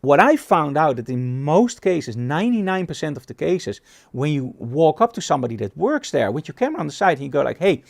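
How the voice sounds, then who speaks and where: A man's voice: on the high side, a little fast, creaky. A middle-aged man from the Netherlands, teaching a photography class and acting out little dialogues as he tells stories. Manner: animated storyteller, acts out dialogue. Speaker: photography instructor.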